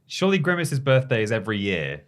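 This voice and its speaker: A man's voice: medium pitch, very animated, quick pace, a bit bright. A man co-hosting a gaming podcast, reading a news article aloud with dry asides in casual chat. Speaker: podcast co-host.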